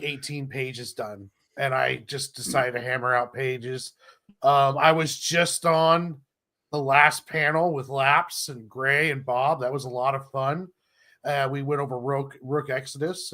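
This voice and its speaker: A man's voice: on the high side, pushed and bright. A man who letters comics, chatting easygoing on a podcast with many fillers. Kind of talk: casual chat.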